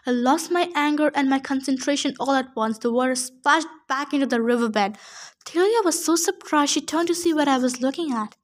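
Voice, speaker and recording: A woman with a high voice reading a first-person novel aloud. She reads expressively and speeds up or slows down with the action. Her delivery is steady narration rather than a performance. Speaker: audiobook reader.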